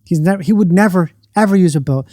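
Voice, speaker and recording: A man's voice: sits high, quick pace, warm tone, no echo, clean studio sound. A man chatting casually as a podcast guest, rambling and jokey, poking fun at himself. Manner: rambling, jokey, self-mocking. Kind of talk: casual chat.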